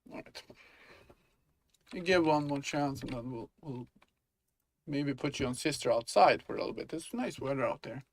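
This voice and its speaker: A man's voice: medium pitch, expressive, moderate pace, pauses often. A man chatting casually in a game-dev vlog, rambling with many fillers and restarts, thinking aloud as he works. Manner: thinks aloud while working. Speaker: indie game developer. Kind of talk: casual dev-log chat.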